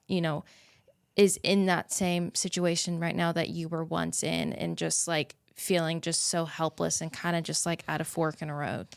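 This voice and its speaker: A woman hosting a podcast, asking gentle and empathetic questions. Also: on the low side, vocal fry, smooth, no echo, clean studio sound. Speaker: podcast host. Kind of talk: interviewing.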